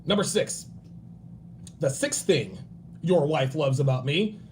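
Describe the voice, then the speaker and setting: A man in his forties hosting a livestream, giving blunt, profane dating and grooming advice and acting out other people in quick bursts. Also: on the high side, expressive, a little mellow, slight background noise. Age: 40s. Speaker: livestream host.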